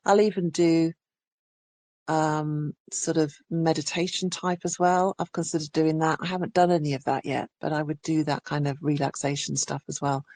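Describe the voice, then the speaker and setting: A woman's voice: low voice, fairly even intonation, normal speed, a little mellow, no echo. A woman audiobook narrator from England, telling her story in a chatty, reflective interview. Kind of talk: casual interview conversation.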